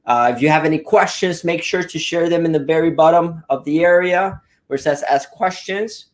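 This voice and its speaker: A man's voice: on the high side, moderate pace. A man hosting a casual live-stream webinar, talking eagerly and rambling with many fillers and restarts. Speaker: webinar host.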